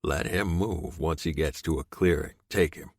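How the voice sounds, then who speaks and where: A man voicing a calm, commanding older biker leader in an audiobook, curt and authoritative. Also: very deep voice, normal speed, no room sound, clean studio sound.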